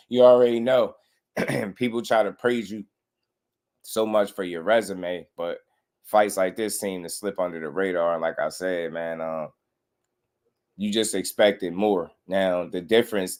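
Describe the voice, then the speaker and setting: A young man hosting a casual boxing livestream, animated and slangy, laughing often and mimicking people. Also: deep voice. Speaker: boxing commentary host.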